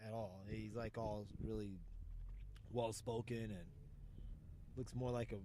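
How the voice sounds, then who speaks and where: A man's voice: fairly low pitch, fairly even intonation, measured pace, warm tone, a little hiss or hum. A young man co-hosting a podcast, telling loose, profane stories in casual chat. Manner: loose, profane storytelling with laughs. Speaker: podcast co-host.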